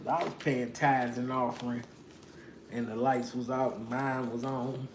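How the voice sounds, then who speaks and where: Middle-aged woman, tarot reader, slow and blunt, cusses and laughs, roomy echo. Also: extremely low pitch, steady tone. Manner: blunt, profane, laughs often. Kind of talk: casual tarot reading monologue. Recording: echoey room with faint noise.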